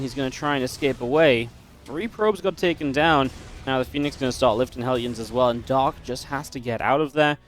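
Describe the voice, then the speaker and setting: A man casting a strategy game match, chatty and analytical, breaking into easy laughs. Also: mid-range voice. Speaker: esports caster. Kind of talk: play-by-play game commentary.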